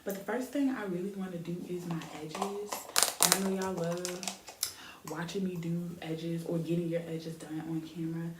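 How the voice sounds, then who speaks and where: A woman's voice: on the low side, fairly even intonation, normal speed. A young woman, chatting casually and rambling with lots of fillers as she does her hair on camera for her vlog. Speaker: beauty vlogger. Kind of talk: casual chat while styling hair. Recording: echoey room, faint background hiss.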